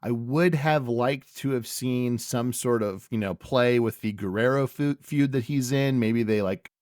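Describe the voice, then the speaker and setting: A man's voice: medium pitch, measured pace, no room sound, studio quality. A man co-hosting a podcast, casually recapping wrestling and giving each segment a letter grade. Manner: relaxed, hands out letter grades. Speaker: podcast co-host.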